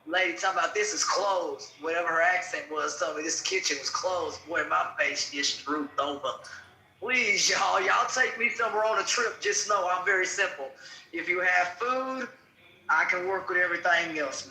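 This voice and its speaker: A man hosting a casual show, telling a story in an animated, laughing, colloquial way. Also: sits high, normal speed. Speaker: host. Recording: echoey room.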